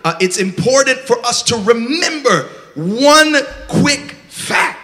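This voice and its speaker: High bright-voiced fervent male preacher. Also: lively intonation, slow, hardly any pauses. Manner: fervent call-and-response preaching, breaking into song. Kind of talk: sermon.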